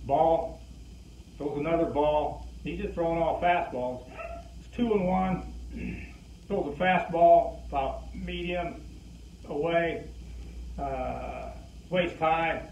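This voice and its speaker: A man's voice: a little high, a little slow, a little mellow, highs cut off, slight background noise. Older man telling a story, distant roomy sound. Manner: storyteller voicing quoted people. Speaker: former pitcher telling a story. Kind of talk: casual anecdote.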